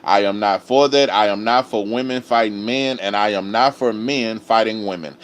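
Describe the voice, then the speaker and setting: A man's voice: on the low side, moderate pace. A man, hosting a live-stream commentary with profane, emphatic ranting. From Dallas area, Texas. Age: 30s. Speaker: host.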